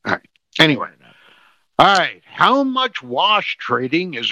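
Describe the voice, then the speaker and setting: A man's voice: fairly high pitch, very animated, measured pace, bright, forceful tone, no echo. A man from New Jersey co-hosting a comedy podcast, talking in a cranky, ranting way. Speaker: podcast co-host. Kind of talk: casual comedic chat. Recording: dull lo-fi sound, dry.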